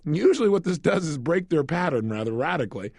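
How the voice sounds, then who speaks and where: A man leading a self-help audio program, talking in an energetic, emphatic way and asking the listener rhetorical questions. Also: fairly high pitch, quick pace, vocal fry, slightly rough, no echo, studio quality. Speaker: motivational speaker.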